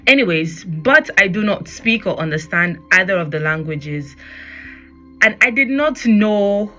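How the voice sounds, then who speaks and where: A young woman with a Nigerian accent talks through her own story on a podcast, chatty and loose, sliding into Pidgin now and then. Her voice sits a little low but sounds bright and forceful. Soft music plays faintly underneath. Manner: chatty, switching into Pidgin, acting out quotes in a high voice. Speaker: podcast host. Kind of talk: personal podcast monologue.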